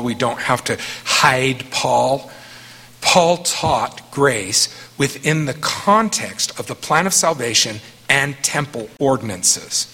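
A middle-aged man answering questions after a talk, earnest and emphatic, weighing his words in slow deliberate phrases. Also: mid-range voice, bright, forceful tone, breathy edge, long reverb tail.

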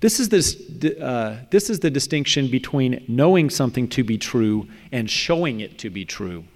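A man reading a prepared talk in a measured, thoughtful way, often trailing off at the ends of phrases. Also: mid-range voice, sing-song. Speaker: speaker presenting a paper. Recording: long hall reverb.

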